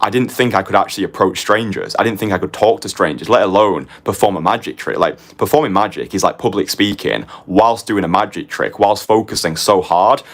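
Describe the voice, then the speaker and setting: Delivering a motivational course lecture, a young dating coach with a deep voice speaks punchily and briskly, barely pausing. His style is confessional, he casually swears, and he tags his lines with "right?" and "yeah?"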